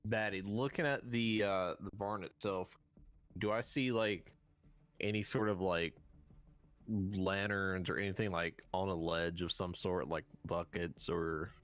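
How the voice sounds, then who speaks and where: Low-voiced joking game player. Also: male voice, fairly even intonation, a little slow, fairly bright tone. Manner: loose, joking, swears freely. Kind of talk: casual tabletop game chat.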